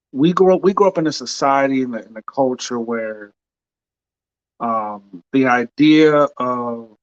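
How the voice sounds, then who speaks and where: A man co-hosting a faith podcast, reflecting on scripture in a slow, thoughtful way and often pausing to search for words. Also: mid-range voice, muffled recording. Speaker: podcast co-host. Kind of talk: reflective casual discussion of scripture.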